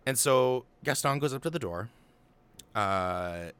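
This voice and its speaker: A man's voice: medium pitch, expressive, slow, a bit bright, clear, resonant tone. A man retelling a film plot in casual chat, opinionated and amused, with lots of fillers and restarts.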